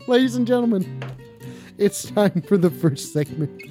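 A man's voice: sits high, animated, measured pace, pauses often, warm tone, faint music behind. Guy hosting a call-in stream, swears a ton, rambly and jokey. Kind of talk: casual crude call-in show.

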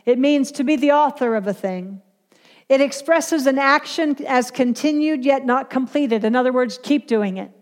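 High female voice, earnest Bible teacher, confessional tone, reverberant space. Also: moderate pace, darkish tone. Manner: earnest, confessional, word-by-word explanation.

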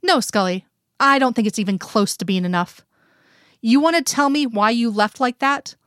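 A woman voicing a hurt, bitterly angry grown man who turns soft and tender, read in her own higher voice in a dry room. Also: moderate pace, clear, resonant tone, no room sound, close to an everyday voice. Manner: accusing, then pleading softly.

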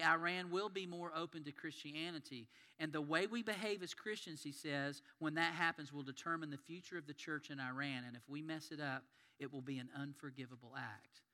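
A man's voice: on the high side, bright, forceful tone. A man preaching a sermon in an earnest, conversational storytelling manner. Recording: long hall reverb.

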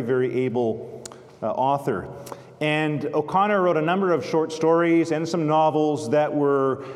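Male preacher, earnest and literary, fairly high-pitched, echoing through a large church. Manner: earnest storytelling, literary quotations. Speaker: pastor. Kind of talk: sermon. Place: church sanctuary. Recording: long church reverb.

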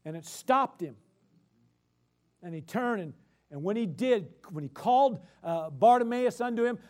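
A man preaching a sermon in a very high voice for a man. He hammers points through repetition and swings between loud emphatic bursts and quiet explaining.

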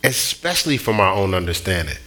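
A middle-aged man preaching a sermon, telling stories in an animated way with many restarts and repeats. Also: low voice, fairly quick. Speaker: pastor.

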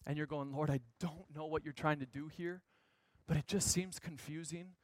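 A man in his thirties giving a storytelling sermon as a guest speaker, animated, swinging from shouts to hushed lines. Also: fairly high pitch, normal speed, dry recording.

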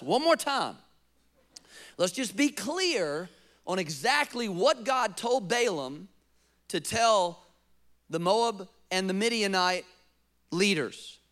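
A male pastor preaching a sermon, acting out quotes and asking rhetorical questions, sometimes dropping to a soft, close appeal. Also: sits high, lively intonation, a little slow.

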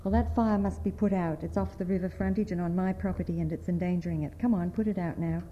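A woman reading aloud, voicing a harsh, suspicious tall old male farmer who gives curt, gruff commands. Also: fairly low pitch, steady tone, quick pace, muffled recording, slight background noise, lightly acted. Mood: stern.

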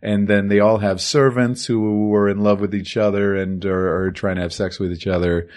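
A man co-hosting a podcast, calmly summarizing and explaining an old film in casual talk. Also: lowish voice, moderate pace. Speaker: podcast co-host.

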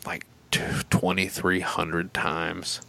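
Deep-voiced man telling a story. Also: very slow, gravelly. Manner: profane, rambling, animated. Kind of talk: casual storytelling.

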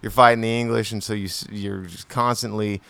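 A man's voice: fairly low pitch, fairly even intonation, brisk, gravelly, fairly bright tone, dry recording. An American man co-hosting a podcast in loose, joking casual chat, swearing freely. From United States. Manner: loose, joking, swearing, half-rapping at times. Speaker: podcast co-host.

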